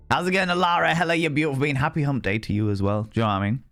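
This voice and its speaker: Chatty, cussing streamer. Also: male voice, mid-range voice, racing, faint music behind. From Yorkshire, England. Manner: chatty and swearing, greets viewers warmly by name. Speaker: livestream host. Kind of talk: casual live-stream chat.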